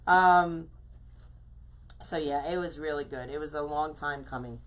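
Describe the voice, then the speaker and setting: A woman's voice: low-pitched, measured pace, long pauses. A middle-aged woman hosting a casual craft live stream, chatting effusively and greeting viewers by name as she works.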